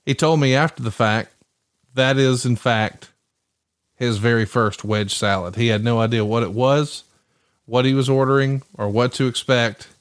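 A man hosting a podcast, chatty and quick to laugh, telling stories in casual conversation. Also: medium pitch, steady tone, smooth. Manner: chatty storyteller, laughs a lot. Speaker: podcast host.

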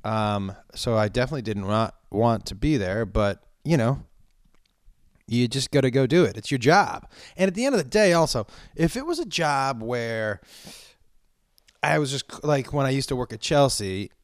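A comedian telling stories in casual chat, swearing often and ranting with animation. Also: male voice, medium pitch, moderate pace, no room sound, clean studio sound. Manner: profane, animated storytelling rants.

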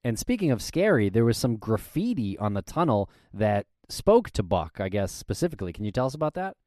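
A man hosting a podcast, asking relaxed, conversational questions. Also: lowish voice, brisk, dry recording, studio quality. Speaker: podcast host. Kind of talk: casual podcast interview. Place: studio in Massachusetts.

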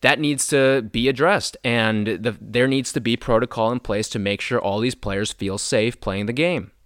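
A man's voice: medium pitch, moderate pace, a bit bright, dry recording. Man co-hosting a sports podcast, dry sound. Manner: playful banter, stumbles and repeats words. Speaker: podcast co-host. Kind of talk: casual sports podcast chat.

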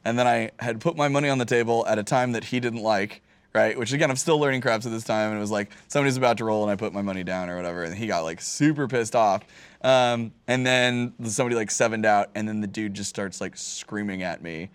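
A man co-hosting a casual chat, telling animated stories with lots of fillers and swearing. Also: on the low side, fast, clear, resonant tone, no room sound. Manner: animated storyteller, swears freely, many fillers.

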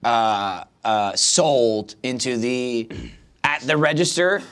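A man's voice: mid-range voice, takes it slowly, a bit bright, clean tone. A man chatting casually on a live comedy podcast, rambling and swearing as he mocks himself. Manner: rambling, swears, self-mocking. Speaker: podcast regular. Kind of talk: casual comedy banter before a live audience.

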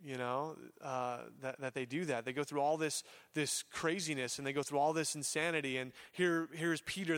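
A man's voice: a little high, fairly bright tone. A man preaching a sermon as pastor, telling a Bible story in a casual, chatty way with voiced asides and many fillers.

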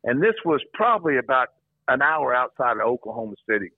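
A man's voice: medium pitch, big pitch swings, quick pace, dry recording. An older man, a former football coach, telling stories as a radio guest and repeating his words as he rambles. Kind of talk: phone-in radio interview, storytelling. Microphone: phone. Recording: tinny phone line, dry.

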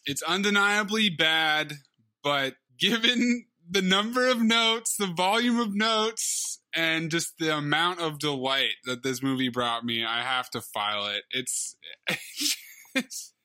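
A man co-hosting a podcast, chatting casually and laughing as he runs through a movie's highlights. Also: slow pace, no echo. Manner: animated, laughing, listing highlights. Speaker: podcast co-host. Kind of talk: casual movie review chat.

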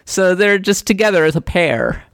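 A woman from Minnesota co-hosting a casual podcast, reading out a listener letter with lively enthusiasm. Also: mid-range voice, normal speed, no echo, studio quality. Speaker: podcast co-host.

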